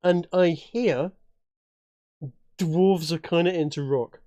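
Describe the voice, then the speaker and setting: A man's voice: a little high, slow, warm tone, dry recording, clean studio sound. A man from England chatting as a player in a tabletop game, rambling with many restarts and fillers. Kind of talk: casual chat at a tabletop game.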